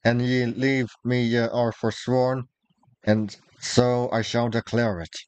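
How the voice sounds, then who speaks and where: A man's voice: medium pitch, little pitch movement, takes it slowly, a little mellow, no echo, natural voice. A man reading aloud, voicing a dogged, devoted young lad who speaks in old-fashioned phrasing. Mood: pleading.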